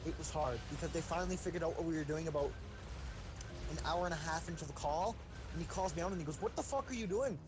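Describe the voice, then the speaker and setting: A man's voice: fairly high pitch, quick pace, poor audio. A young man casually telling profane, rambling stories while playing a game, acting out the people in them. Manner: rambling, profane, animated, does silly voices in stories. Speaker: gaming streamer. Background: game music.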